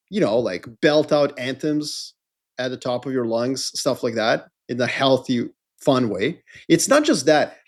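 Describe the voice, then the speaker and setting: A man's voice: mid-range voice, a little mellow. A middle-aged man co-hosting a podcast in a casual, rambling, jokey chat. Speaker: podcast co-host.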